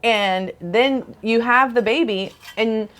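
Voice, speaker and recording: Woman co-host, animated storyteller, blunt and outspoken, casual conversation with her husband. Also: fairly high pitch, slow pace. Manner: animated storyteller who acts out quoted relatives. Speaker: chiropractor and podcast co-host.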